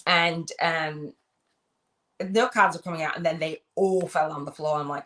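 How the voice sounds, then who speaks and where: Low-voiced chatty woman host. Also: normal speed, fairly bright tone. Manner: chatty, laughs often, stumbles over reading. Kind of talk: casual livestream chat.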